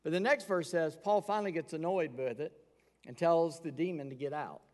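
A man's voice: on the high side, a little fast. A man preaching a sermon from the pulpit, candid and emphatic. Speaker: pastor. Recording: long hall reverb.

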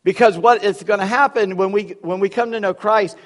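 High-voiced man preaching in a reverberant hall. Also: a little fast. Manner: animated, conversational, with humorous asides. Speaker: pastor. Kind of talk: sermon. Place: church.

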